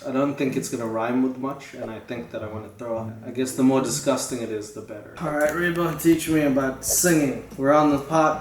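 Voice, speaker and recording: A man doing sarcastic comedy reaction commentary, exasperated and jumping into loud outbursts. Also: mid-range voice, a little fast, hardly any pauses, roomy sound, distant mic. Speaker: comedy YouTuber reacting to a masterclass.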